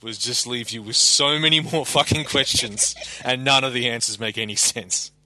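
A man's voice: mid-range voice, normal speed, bright, forceful tone, dry recording. A man co-hosting a podcast, critiquing a show in an exasperated, profane way. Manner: exasperated critical ranting with swearing. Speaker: podcast co-host. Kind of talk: casual chat.

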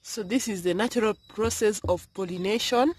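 A woman filming her vegetable garden outdoors, talking softly in a half-whisper as she narrates. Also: mid-range voice, moderate pace, breathy edge, no echo. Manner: soft, half-whispered, coaxing. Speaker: gardening vlogger.

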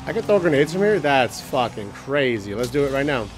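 Excitable man doing game commentary. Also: medium pitch, fairly quick, faint music behind. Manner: excitable, swearing, jokey, sings snippets. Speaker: gaming channel host. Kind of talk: let's play commentary.

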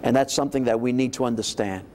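A man's voice: mid-range voice, fast talker, a little mellow. A man hosting a religious interview, who affirms his guest and then exhorts the audience like a preacher. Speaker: pastor host.

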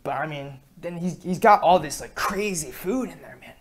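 A young man performing a comedy sketch, rambling through a story in a slangy, excitable way. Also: fairly high pitch, normal speed, crowd noise.

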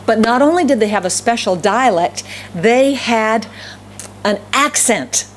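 A woman's voice: fairly high pitch, lively intonation, a little slow, a little hiss or hum. A middle-aged woman pastor with a Southern US accent, preaching a sermon and telling stories, often repeating phrases for emphasis. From Southern United States.

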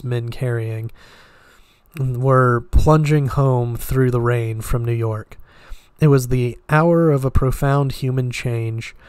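A man's voice: mid-range voice, clear, resonant tone, no echo. Man reading a classic novel aloud. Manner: steady, with occasional slips and restarts. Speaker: reader.

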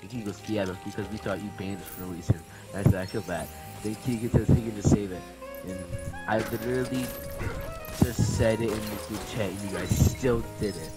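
A man's voice: fairly low pitch, a little fast. A young male gamer casually reading group-chat messages aloud to his friends, often breaking into laughter. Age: teens. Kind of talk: casual gaming commentary. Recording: game music playing behind.

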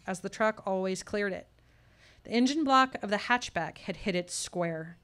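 A woman's voice: medium pitch, fairly bright tone, clear, resonant tone. A woman telling a personal story at a live storytelling showcase, voicing the people in it as she goes. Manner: personal story told with tense quoted dialogue.

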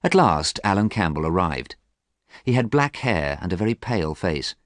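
A man narrating a storybook in a careful, measured way for learners. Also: low voice, big pitch swings, no room sound, studio quality. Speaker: audiobook narrator.

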